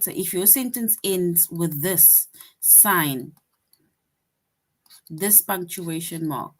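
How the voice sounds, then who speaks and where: Patient woman teaching young children. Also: low voice. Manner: slow, patient, reads example sentences aloud with emphasis; checks in often with rhetorical "right?". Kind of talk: online lesson for young children.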